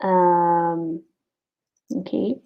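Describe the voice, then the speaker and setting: A woman teaching an online grammar lesson, slowly repeating each example sentence. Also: lowish voice, little pitch movement. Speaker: English teacher. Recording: dull lo-fi recording.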